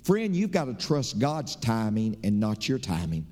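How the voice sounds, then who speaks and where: A middle-aged man preaching a sermon as pastor, telling folksy stories and moving between loud emphatic lines and soft confiding asides. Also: on the low side, very animated, unhurried. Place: church sanctuary. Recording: reverberant church sanctuary.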